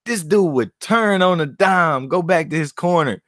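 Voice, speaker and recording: Animated, profane male boxing vlogger. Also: on the high side, normal speed, no room sound, clean studio sound. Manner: animated, profane, laughing banter. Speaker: boxing commentator and channel host. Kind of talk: casual vlog commentary.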